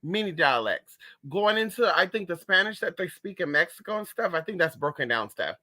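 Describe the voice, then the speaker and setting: A man hosting a casual livestream, reading chat, sassy and animated, calling viewers honey and girl. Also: high voice, fairly quick.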